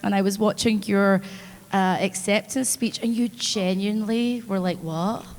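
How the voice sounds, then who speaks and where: A woman's voice: medium pitch, level tone, normal speed, a little mellow, slight background noise. A woman hosting a convention panel interview, asking questions in a chatty, playful way. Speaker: host. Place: convention stage.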